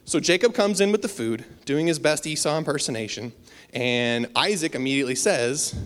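A man's voice: medium pitch, animated, a little fast, a bit bright. Man preaching in an echoey hall. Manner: casual, self-deprecating storytelling with fillers. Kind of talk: sermon. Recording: long hall reverb.

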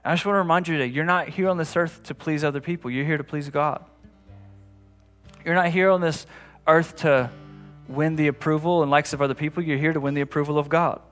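A man's voice: a little high, fairly even intonation, fairly quick, soft background music. A man preaching a sermon as a pastor in a conversational way, often restarting and repeating phrases, building to emphatic passages. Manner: rises to emphatic, louder passages.

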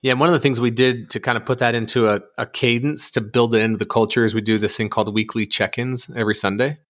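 A man's voice: mid-range voice, fairly even intonation, quick pace, fairly bright tone. A man, a father and podcast guest, talking casually and chatting with many fillers.

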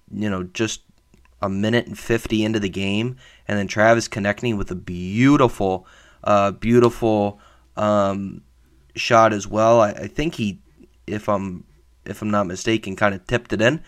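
Male podcast host with a lower voice, slightly hoarse; loose, filler-heavy fan commentary. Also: a bit bright. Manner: rambling, with many fillers and self-corrections; enthusiastic about his team. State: slightly hoarse from a sore throat. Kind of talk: casual sports reaction podcast.

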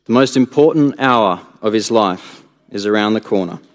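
A man preaching a sermon in an earnest way, building to emphatic peaks and then dropping low and soft. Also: normal speed. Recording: long hall reverb.

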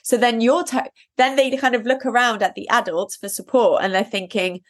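Casting: woman in her thirties, fairly high voice, earnest and advising, filler-heavy casual chat. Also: fairly even intonation, normal speed. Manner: earnest, advising, many "like" and "you know" fillers.

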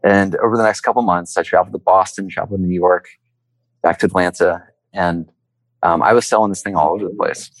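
Deep-voiced man telling a lively story. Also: fast talker, dry recording, rough recording. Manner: animated storyteller, acts out quotes. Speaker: interview guest, entrepreneur. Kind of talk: conversational storytelling.

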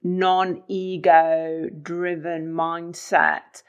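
A woman co-hosting a podcast who speaks in a measured, deliberate way and sums up the ideas under discussion. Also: lowish voice, little pitch movement, clear, resonant tone, muffled recording. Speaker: podcast co-host. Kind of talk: reflective podcast conversation.

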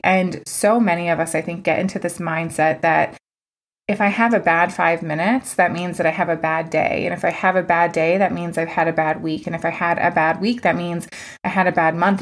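A woman hosting her own podcast as a coach, talking casually and candidly, with lots of "like" fillers and some swearing. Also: lowish voice. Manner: candid, chatty, swears freely, many "like" fillers. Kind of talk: casual solo podcast talk.

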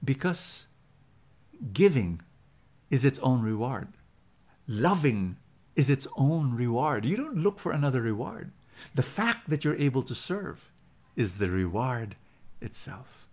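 Animated Filipino preacher with a lively voice. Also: male voice, mid-range voice, measured pace, long pauses. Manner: animated, repetitive, emphatic, laughs easily. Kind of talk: sermon with storytelling.

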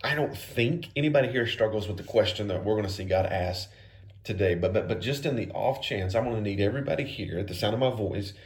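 A man preaching a sermon in a casual, conversational style, peppered with "man.". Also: on the low side. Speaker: pastor.

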